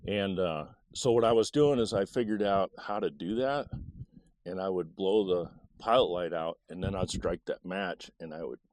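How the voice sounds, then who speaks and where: A man in his sixties recounts a memory from his boyhood in a low voice, pausing often with "uh" and soft chuckles. The sound is dry and close, with no room around it. He talks in a relaxed, unhurried way. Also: dry recording. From Michigan, USA. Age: 60s. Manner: halting, with many "uh" fillers and soft chuckles. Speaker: storyteller. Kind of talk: casual personal storytelling.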